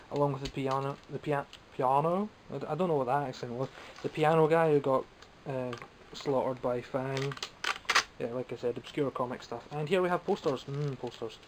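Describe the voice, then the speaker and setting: In a rough recording with a little hiss or hum, a mid-range male voice with a Scottish accent runs through a casual vlog. The toy collector mocks himself as he shows the toys he picked up.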